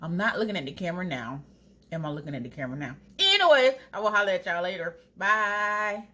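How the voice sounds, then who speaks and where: A young woman in braces chatting casually to her viewers while she cooks at home, talking straight to them with drawn-out asides. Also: on the low side, animated, pushed and bright. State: wearing new braces, teeth clanging. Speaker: vlogger. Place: home kitchen. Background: food sizzling in a pan.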